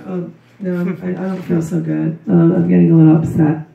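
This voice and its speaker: A hoarse woman with a cold gives a rambling, emotional memorial tribute to her daughter. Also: fairly low pitch, little pitch movement, brisk. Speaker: grieving mother giving a memorial tribute. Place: memorial service room. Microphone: recorded from a distance by someone in the room. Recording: dull, roomy, distant recording.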